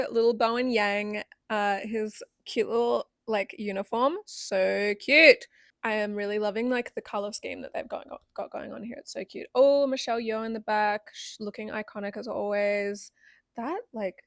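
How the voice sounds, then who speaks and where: A woman's voice: medium pitch, a bit bright, no echo, studio quality. A woman hosting a reaction video, gushing giddily with frequent squeals and laughs.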